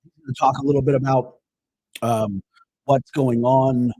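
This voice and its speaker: A man hosting a live sports podcast, hoarse and rambling as he greets viewers in the chat by name. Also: medium pitch, fairly even intonation, moderate pace, warm tone, dry recording. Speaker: podcast host.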